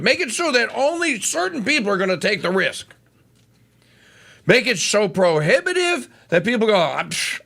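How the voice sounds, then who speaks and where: A talk radio host from Louisiana rants through a heated political monologue. His voice is gravelly and bright, and his pitch leaps about with lively swings. He drops to muttering asides, then climbs to shouting.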